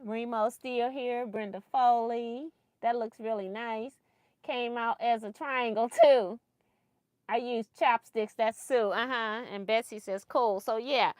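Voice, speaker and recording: Casual livestream sewing lady, slightly high voice, unhurried, chatty and giggly. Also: steady tone, no room sound, clean studio sound. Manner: chatty, laughs often, thinks aloud while sewing.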